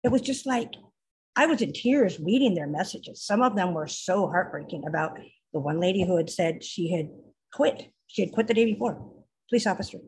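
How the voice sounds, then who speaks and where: A mother in casual conversation, telling an animated story about her teenage daughter. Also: fairly low pitch, normal speed, husky. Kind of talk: casual chat.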